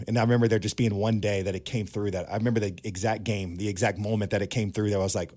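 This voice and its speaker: A man in his thirties, a former pro ballplayer, telling animated anecdotes in a casual interview. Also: lowish voice, fast, few pauses. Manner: animated anecdotes, acts out quoted dialogue. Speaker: former pro baseball player, guest.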